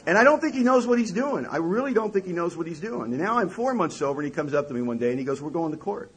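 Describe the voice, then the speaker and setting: A middle-aged man telling a self-mocking story to an audience, wry and lively, with a husky voice. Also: high-pitched, fast talker, rough recording. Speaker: recovery speaker.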